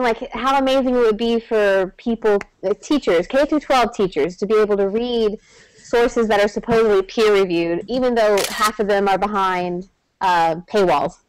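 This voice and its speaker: A woman's voice: medium pitch, clear, resonant tone, no room sound, poor audio. A woman who is a doctoral student and educator, chatting enthusiastically on a panel. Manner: enthusiastic, eager. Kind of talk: casual panel chat.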